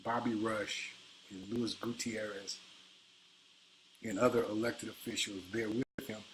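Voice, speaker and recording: A man's voice: medium pitch, a little hiss or hum, rough recording. A man in his fifties from Chicago, delivering an indignant, combative political monologue as an activist.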